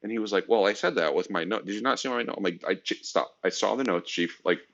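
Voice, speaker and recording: A man with a low-ish, gravelly voice talks fast in a lo-fi recording. He's a podcast co-host and army engineer veteran telling army stories in casual, profane bro-speak, animatedly acting out other people's voices.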